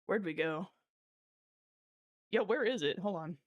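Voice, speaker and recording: A woman's voice: on the low side, expressive, unhurried, muffled recording. A woman livestreaming from a small room at home, chatting casually with viewers, giggling breathlessly and swearing freely between lines.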